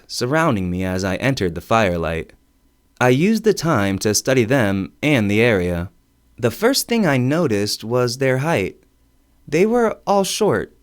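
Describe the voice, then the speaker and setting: A man narrating a first-person audiobook story in an expressive, wry storytelling manner. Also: medium pitch.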